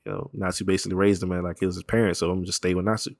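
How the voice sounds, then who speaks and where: Deep-voiced man, loose slangy chat. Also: fairly even intonation, no echo, clean studio sound. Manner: loose, rambling, profane slang, quick laughs. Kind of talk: casual chat.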